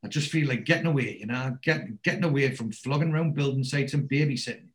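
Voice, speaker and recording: A rough recording captures a man with a mid-range voice talking at a quick pace. In casual conversation he animatedly retells a TV episode, cursing freely and acting out the characters' dialogue.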